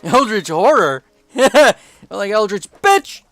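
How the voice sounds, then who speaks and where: Playful male gamer with lively pitch. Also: unhurried, no room sound, soft background music. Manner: playful, teasing talk with mock taunts at game creatures. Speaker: gaming YouTuber. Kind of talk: let's play commentary.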